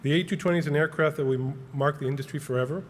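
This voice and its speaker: A man reading a prepared award acceptance speech on behalf of a colleague, halting with many filler words. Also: on the high side, steady tone, slight background noise. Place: large banquet hall.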